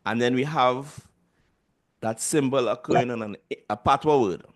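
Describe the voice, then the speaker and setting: A man with a Trinidadian accent leads an online language class. He speaks patiently and says sounds slowly so his students can repeat them after him. His voice comes through a video call. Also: medium pitch. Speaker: language teacher.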